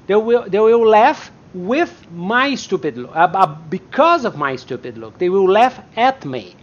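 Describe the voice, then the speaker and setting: A woman English teacher giving a live online lesson, explaining slowly, repeating example sentences and acting them out, her native tongue Portuguese. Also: medium pitch, sing-song, muffled recording.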